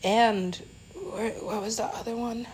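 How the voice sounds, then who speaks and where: A woman's voice: on the high side, fairly even intonation, a little slow, a little mellow, slight background noise, poor audio. A woman DJ telling a story in a casual, rambling way, full of fillers and swearing.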